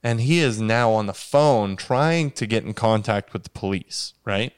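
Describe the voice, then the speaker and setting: A man telling a funny true story in a deadpan, casual way. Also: lowish voice, unhurried, clear, resonant tone. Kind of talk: casual spoken anecdote.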